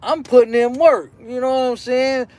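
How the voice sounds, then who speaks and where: Very high-voiced man rambling a crude story. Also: steady tone, normal speed, a little mellow. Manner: rambling, repetitive, constantly says "you know what I'm saying"; crude, boastful anecdote told in loose slang. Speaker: host. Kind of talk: live-stream storytelling.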